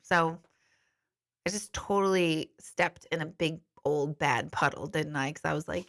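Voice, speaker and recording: Bright-voiced chatty woman medium. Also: on the low side, fairly even intonation, normal speed. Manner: candid and chatty, swears then apologizes. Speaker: intuitive medium and life coach. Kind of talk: live-stream Q&A answering viewer comments. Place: studio.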